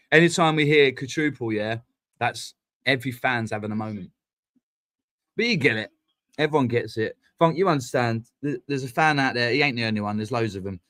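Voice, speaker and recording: Rambling sweary football streamer. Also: male voice, mid-range voice, a bit bright. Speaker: live-stream host. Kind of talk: casual live-stream chat.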